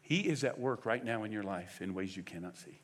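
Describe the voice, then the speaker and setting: A man preaching a sermon as pastor, emphatic and animated, firing off rhetorical questions. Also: lowish voice, fairly quick.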